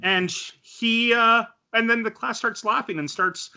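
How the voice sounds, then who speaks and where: Bright-voiced man chatting about anime. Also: extremely high pitch, fairly even intonation, measured pace, gravelly, hardly any pauses, smooth. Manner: chatty, many fillers, acts out quotes. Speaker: podcast co-host. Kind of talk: casual anime review chat.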